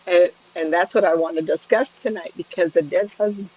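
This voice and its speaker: Husky-voiced chatty woman medium. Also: lowish voice, fairly quick, highs cut off. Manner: chatty, laughs often, lively asides. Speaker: psychic medium. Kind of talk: storytelling to a camera.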